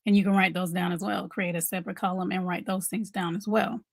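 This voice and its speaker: A woman's voice: lowish voice, level tone, fast, vocal fry, no room sound. Female mom coach, casual motivational talk to camera, repeats points, dry room sound. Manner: conversational, repeats key points, asks viewers questions.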